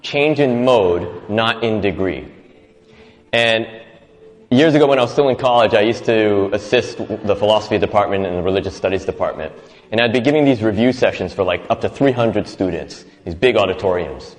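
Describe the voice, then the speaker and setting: A motivational speaker with a lowish voice gives an inspirational talk at a brisk pace, in a big-room sound. Reflective and storytelling, he acts out quoted voices with little laughs.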